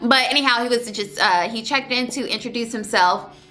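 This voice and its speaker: A woman's voice: on the high side, moderate pace. A young woman vlogging casually, sharing her surgery story and sometimes holding back tears. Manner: emotional, tearful at times, holding back crying; animated storytelling with voiced quotes.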